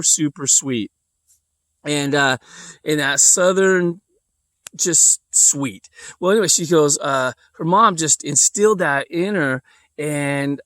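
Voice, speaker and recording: Male vlogger, casual storyteller, meandering delivery; slightly high voice, dry close recording. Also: fairly bright tone, dry recording. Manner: rambling, with lots of fillers and restarts.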